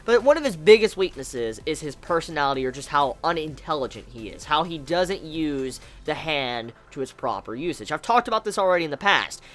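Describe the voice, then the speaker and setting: Young reviewer, off-the-cuff rant, bouncy delivery with a crisp bright tone. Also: medium pitch, brisk, hardly any pauses. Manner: animated, rambling, swears freely. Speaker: anime reviewer. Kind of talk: casual spoken review.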